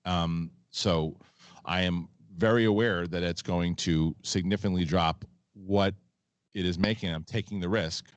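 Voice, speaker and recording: Male host, very low voice, rambling and blunt, reading viewer messages; dry close mic. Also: steady tone, a little slow, no echo, highs cut off. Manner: rambling, frank, swears casually. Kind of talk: live show chat, reading donation messages.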